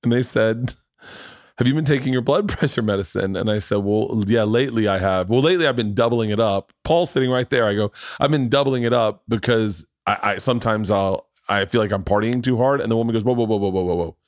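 A man hosting a podcast, telling stories with lots of swearing and bursts of laughter. His voice sits on the low side. The sound is dry and close to the mic. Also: fairly quick, hardly any pauses, no room sound. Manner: animated, swearing, laughing storyteller. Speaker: podcast host. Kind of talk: casual storytelling chat.

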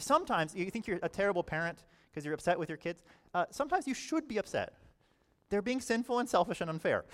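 A man preaching a sermon in a conversational way, often saying "all right" and swinging between quiet and loud passages. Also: fairly high pitch. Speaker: pastor.

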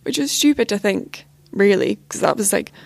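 A woman's voice: mid-range voice, sing-song, normal speed, vocal fry, no room sound. A young woman telling a personal story as a podcast guest, casual and full of filler words.

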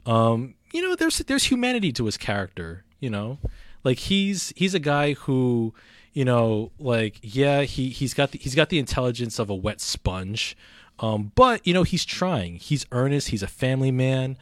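A man's voice: medium pitch, big pitch swings, normal speed, fairly bright tone, no echo, studio quality. A man casually reviewing a film on a podcast, rambling with many fillers and restarts. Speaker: movie reviewer.

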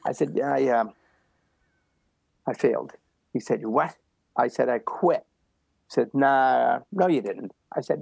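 Older male interview guest, gravelly and breathy, punchy repeated phrases. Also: medium pitch, animated, measured pace, pauses often, darkish tone, dry recording. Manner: emphatic, repetitive motivational delivery. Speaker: guest runner. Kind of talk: storytelling interview.

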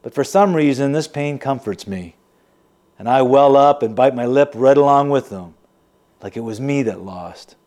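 A man's voice: medium pitch, normal speed, a little mellow, natural voice. A man playing a wry, bitter grown son. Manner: sardonic, confiding. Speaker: narrating character. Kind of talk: first-person audio drama monologue.

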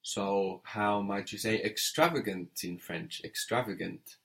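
A man's voice: lowish voice, a little slow, creaky, fairly bright tone. A man teaching French in an audio lesson, patient and methodical, prompting the learner and spelling words letter by letter.

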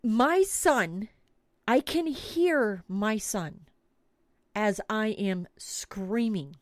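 A woman's voice: medium pitch, drawn-out words, no echo, studio quality. A middle-aged woman host telling a comic story with frequent swearing and dramatic emphasis. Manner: animated, swears freely, dramatic retelling. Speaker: podcast host.

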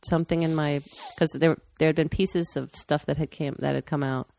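A woman's voice: low-pitched, fairly even intonation, fairly quick, gravelly, mellow. A woman telling a personal story candidly and matter-of-factly in casual conversation. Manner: candid, matter-of-fact, with restarts.

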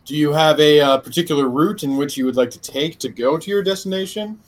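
A man's voice: fairly high pitch, a little fast. A man playing a tabletop game in character, talking in an easygoing, practical way. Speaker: player.

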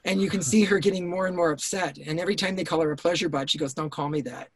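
This writer-director, a guest on an interview podcast, speaks rapid-fire in a high-sitting voice with a steady tone. He tells his stories intensely over a remote call, cursing and starting sentences over as he goes.

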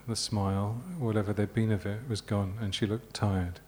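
A man from Yorkshire, an author reading his novel aloud at a live literary event in a measured, unhurried way. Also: fairly low pitch, fairly even intonation, darkish tone. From Yorkshire, England.

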